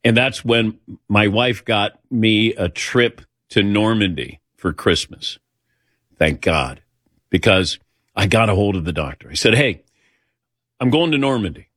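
A man's voice: lowish voice, animated, a little slow, fairly bright tone, no echo, studio quality. A middle-aged man hosting a talk show, telling a personal story in a rambling, anecdotal way and acting out the dialogue.

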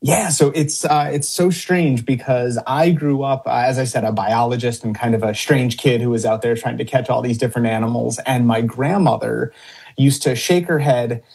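A middle-aged biologist and TV cryptid hunter from upstate New York answers interview questions in a rambling way, with lots of fillers, restarts, and frequent chuckles. His mid-range voice is gravelly, darkish, and slightly rough, at a moderate pace.

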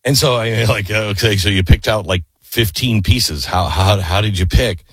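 A low, slightly husky male talk radio host, recorded dry and close in a studio. He tells his story with energy and acts out each quoted line with sharp jumps up in pitch. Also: normal speed, no room sound.

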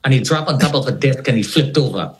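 A man as an interview guest, telling a personal story in an animated way and acting out the voices of the people in it. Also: medium pitch, fast, low-quality recording.

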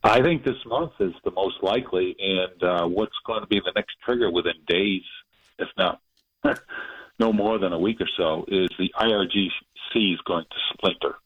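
A man's voice: low voice, moderate pace, slightly rough, no echo. A man calling in to a radio show, giving his predictions with chuckles between phrases. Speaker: caller. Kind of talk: call-in radio chat. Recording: muffled phone line.

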